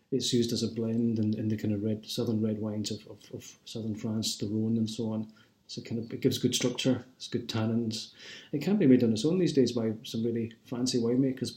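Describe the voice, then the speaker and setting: Scottish male vlogger, mid-pitched, rambling casual chat, echoey home room. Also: darkish tone. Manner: rambling, many fillers and restarts. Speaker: wine and film vlogger. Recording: roomy echo.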